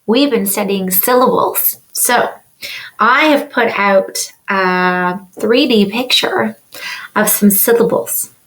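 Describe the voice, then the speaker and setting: A woman teaching a recorded lesson to young children, slowly sounding words out syllable by syllable, with sing-song rises when she counts and praises. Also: medium pitch, fairly bright tone, poor audio. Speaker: kindergarten teacher.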